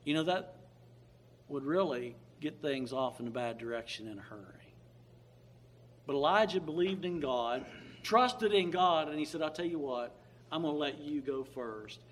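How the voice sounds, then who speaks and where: A man preaching a sermon, reading scripture slowly and building to emphatic, loud peaks on key points. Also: fairly high pitch, a little hiss or hum. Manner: dynamic, rising to emphatic peaks on key words.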